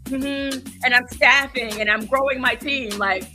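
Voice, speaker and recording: A woman hosting a livestream talk show, loud and energetic, with a sing-song, preacherly way of talking. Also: high-pitched, unhurried. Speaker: host. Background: hip hop music.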